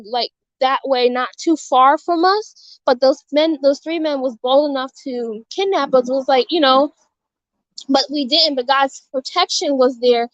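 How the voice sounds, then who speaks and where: Woman vlogger, high voice, earnest rambling storyteller, dull dry phone audio. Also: fairly bright tone, no echo. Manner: rambling, earnest, many fillers and restarts. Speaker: vlogger sharing a testimony. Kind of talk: casual storytelling to viewers. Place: outdoors in her childhood neighborhood. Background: music.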